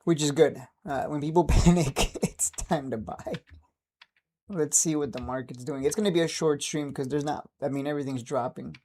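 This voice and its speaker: A man's voice: a little high, normal speed, warm tone. A man in his thirties chatting casually on a livestream, upbeat and laughing often. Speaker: stock trading streamer.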